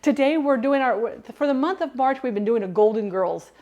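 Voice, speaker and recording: A woman cooking live on stream from her home kitchen, wearing a clip-on mic, greeting viewers brightly and rambling with restarts. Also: high voice, lively intonation, moderate pace, lo-fi sound. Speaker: food and drink streamer.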